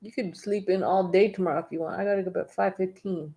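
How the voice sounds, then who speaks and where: A woman's voice: mid-range voice, steady tone, quick pace, mellow. A woman, a mother, chatting casually with her daughter and then reading the Bible aloud, tired and teasing, sometimes stumbling over words.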